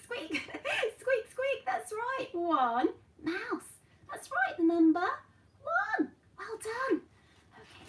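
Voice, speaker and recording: A woman teaching a class for toddlers, coaxing and playful in a sing-song way. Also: very high-pitched. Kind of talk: children's class. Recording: roomy sound, mic at a distance, faint noise.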